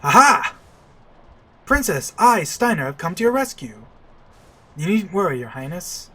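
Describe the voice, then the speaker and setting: A man voicing an earnest, blustering knight captain, declaiming loudly with a raised, puffed-up tone. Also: sits high, sing-song, measured pace, breathy edge, full character voice. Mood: heroic, proud.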